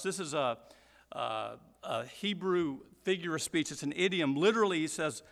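Male Bible teacher from Georgia, slightly high, bright tone, unhurried delivery, long hall reverb. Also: lively intonation, vocal fry. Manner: explanatory, deliberate, emphatic repetition.

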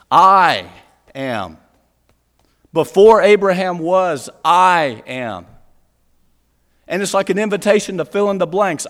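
A man's voice: fairly high pitch, fairly bright tone. A man preaching a sermon as pastor, earnest, asking rhetorical questions and repeating lines for emphasis. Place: church. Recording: long church reverb.

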